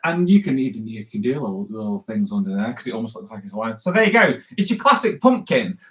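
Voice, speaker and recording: A man's voice: lowish voice, big pitch swings, fast talker, fairly bright tone. A man leading a casual live drawing tutorial, rambling and chatty with many fillers and restarts. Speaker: cartoonist teaching drawing.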